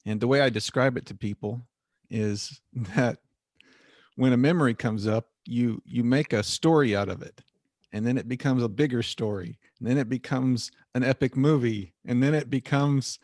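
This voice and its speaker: A man's voice: mid-range voice, normal speed, a little mellow, dry recording. Dry-sounding male podcast host. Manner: reflective, paraphrasing the guest. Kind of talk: casual interview chat.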